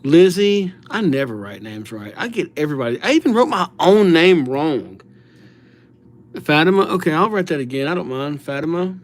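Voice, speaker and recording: A man's voice: a little high, expressive, normal speed. A man chatting casually on a live stream, reading out viewers' names as he writes them and thanking subscribers. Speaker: livestreamer writing viewers' names.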